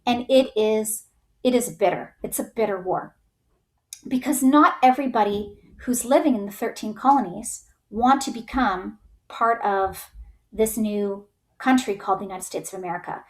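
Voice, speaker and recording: Chatty woman teaching history. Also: medium pitch. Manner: chatty, full of "like" and "right?", acts out groups in quick voices. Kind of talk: casual history lecture.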